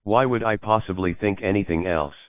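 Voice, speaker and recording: Guy doing a snappy young bride, low smooth voice, tinny lo-fi sound. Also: fairly quick, no room sound, natural voice. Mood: indignant. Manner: indignant, snapping questions. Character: young woman, a bride, flustered and sharp-tongued. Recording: dry, phone-like lo-fi audio.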